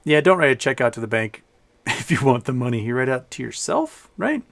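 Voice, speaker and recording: A man's voice: mid-range voice, very animated, fairly quick, creaky, a bit bright. Rambling man hosting a live stream. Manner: rambling, reading chat aloud, laughs often. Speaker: livestream host. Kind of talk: casual live-stream chat.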